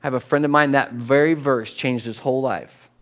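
Brisk and lively, a middle-aged pastor gives a conversational sermon. He chats animatedly, with sudden rises in pitch and volume, repeated words, and asides along the way.

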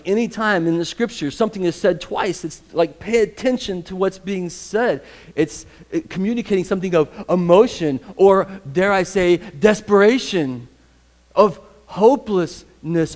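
A man preaching a sermon in a conversational, emphatic way, repeating phrases for stress. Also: high-pitched. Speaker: pastor.

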